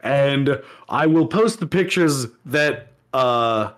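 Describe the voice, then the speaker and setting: A man's voice: medium pitch, animated, slow pace. A man co-hosting a casual podcast, rambling and laughing at himself as he chats. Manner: rambling, laughs often, self-deprecating. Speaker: podcast co-host. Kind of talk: casual chat.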